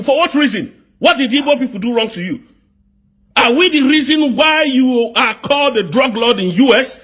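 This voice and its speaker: A man with a very high, husky voice. He rants angrily about politics, firing off repeated rhetorical questions and breaking into shouts. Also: expressive, normal speed. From southeast Nigeria. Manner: fiery, repetitive rhetorical questions, bursts of shouting. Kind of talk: angry political rant.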